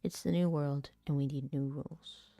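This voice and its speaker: A woman voicing a stern, tough leader, pushing her delivery deeper and graver for a voice acting demo read-through. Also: steady tone, moderate pace, dark tone, dry recording, clean studio sound.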